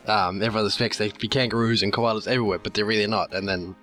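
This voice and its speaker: Low bright-toned man. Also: steady tone, racing, soft background music. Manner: hesitant, many ums. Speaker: podcast co-host. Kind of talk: casual chat.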